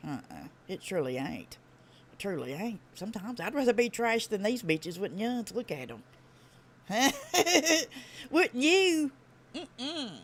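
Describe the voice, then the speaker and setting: A woman with a Tennessee Southern accent hosting a live stream, talking fast with a blunt, profane, folksy drawl. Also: mid-range voice, a little hiss or hum. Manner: fast talker. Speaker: livestream host. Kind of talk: casual live-stream commentary.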